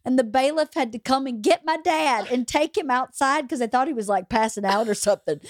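A woman's voice: high voice, brisk, hardly any pauses, no echo, studio quality. A woman hosting a podcast, telling a funny personal story in casual chat and laughing through it. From small rural town in the US. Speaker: podcast host.

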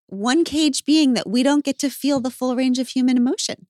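A woman's voice: high-pitched, moderate pace, darkish tone, dry recording, clean studio sound. A woman podcast host who talks through ideas in a thoughtful, reflective way. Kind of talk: reflective conversation.

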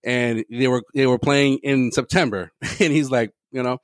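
Male podcast co-host, mid pitch, rambling casual talker with frequent swearing, dry close mic. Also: brisk, hardly any pauses, no room sound. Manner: rambling, swears freely, laughs often. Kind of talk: casual sports chat.

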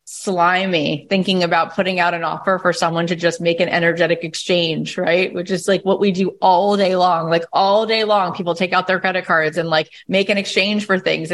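Woman, 30s, podcast host, upbeat and chatty, playful with quoted asides. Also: fairly bright tone. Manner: enthusiastic, breezy, acts out little quoted scenes with big pitch jumps. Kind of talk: animated motivational podcast talk.

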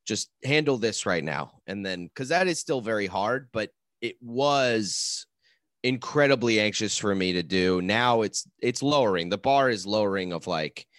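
A man chats in a halting, soft-spoken manner, often trailing off. His voice is somewhat low, and the recording is dry and close. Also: expressive, no room sound. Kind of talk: casual chat.

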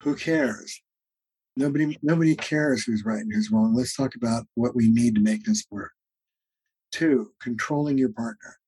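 Heard as a podcast interview guest, this therapist has a mellow, husky mid-range voice and an earnest, teaching way of explaining ideas, with frequent "uh" pauses. At times he plays out both sides of a couple's argument. The recording is dry and low in quality.

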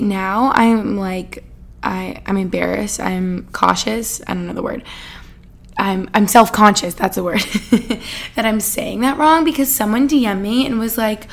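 Giggly, chatty young woman with vocal fry. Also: medium pitch. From Boston area. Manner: chatty, giggly, lots of fillers. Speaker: podcast host. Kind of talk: casual solo podcast chat.

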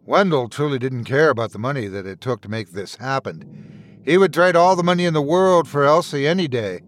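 A man narrating a dark fairy tale in an expressive, dramatic storytelling manner. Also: a little high. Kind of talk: scripted horror story narration.

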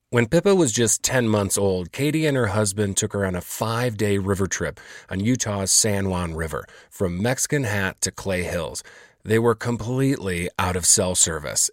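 A man's voice: lowish voice, no echo, studio quality. A man hosting a podcast, narrating in a wry, conversational way. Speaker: podcast host. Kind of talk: scripted narration and interviewing.

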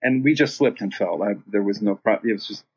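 A middle-aged man, a rock singer, telling a long story in a casual interview, rambling and profane, voicing other people's lines with lively shifts. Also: fairly low pitch, a little fast, slightly rough. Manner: rambling, profane, animated when quoting himself and others. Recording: dull lo-fi podcast audio.

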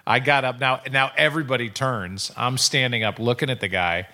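A middle-aged man hosting a podcast, telling stories in an animated, casual way. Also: mid-range voice, brisk. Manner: animated storytelling, acts out quotes. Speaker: podcast host. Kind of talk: casual chat.

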